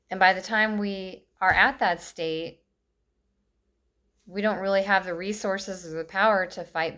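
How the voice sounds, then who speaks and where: An American vlogger in her fifties delivers an impassioned political rant to camera, blunt and scolding, with short bitter laughs between points. Her voice is mid-range and fairly bright.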